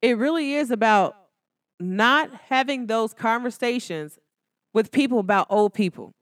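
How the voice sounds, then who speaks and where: Animated high-voiced woman. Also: unhurried, no echo, studio quality. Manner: animated, sassy, jumps into high exclamations. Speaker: podcast host. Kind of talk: casual solo podcast talk.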